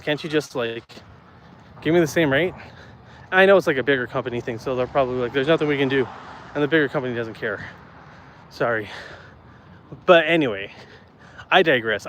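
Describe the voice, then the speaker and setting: Male vlogger, casual walk-and-talk on a phone outdoors, a bit breathless, light traffic sounds behind. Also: fairly high pitch. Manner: chatty, rambling, easily worked up. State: slightly out of breath from walking uphill. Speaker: vlogger chatting with live viewers. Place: outdoors on city streets. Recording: faint street noise outdoors.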